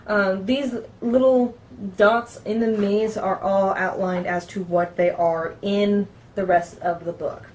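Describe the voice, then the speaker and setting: A woman's voice: medium pitch, a little mellow, slight background noise. A woman hosting a casual tabletop game review, reading passages aloud from the book and chatting about them, often tripping over words and correcting herself.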